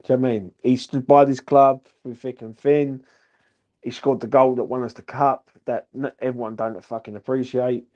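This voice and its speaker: A man's voice: mid-range voice, flat delivery, normal speed, darkish tone, lo-fi sound. A drunk man, rambling and swearing through a post-match reaction vlog as the channel's host. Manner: rambling, sweary, repeats "do you know what I mean". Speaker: football fan channel host.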